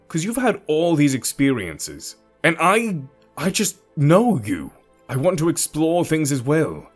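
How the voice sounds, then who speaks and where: A man's voice: on the high side, pitched above the performer's own voice. A man voicing a defensive young man arguing with his partner in an audio story. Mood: hurt. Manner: defensive, sharp.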